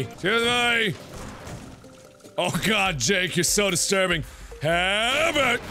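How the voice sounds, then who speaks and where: A man giving goofy, excitable gameplay commentary with frequent exclamations and swearing. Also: high voice, slow pace, pauses often, music in the background.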